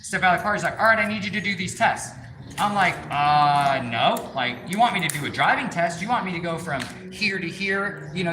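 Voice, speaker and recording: Swearing man telling a story in an echoey shop. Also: a little high. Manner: animated, swears a lot, acts out others' lines. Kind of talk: casual profane storytelling. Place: car workshop. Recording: echoey room with faint noise.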